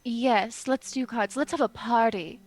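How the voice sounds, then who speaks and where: A woman's voice: fairly high pitch, unhurried. A woman voicing a vain, gloating society hostess, gushing and theatrical.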